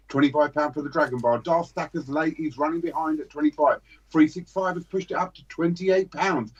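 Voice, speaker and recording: A British man hosting a charity livestream, running a joking fast-patter auction of a silver bar. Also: a little high, breathy edge. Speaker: livestream host. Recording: dull lo-fi stream audio.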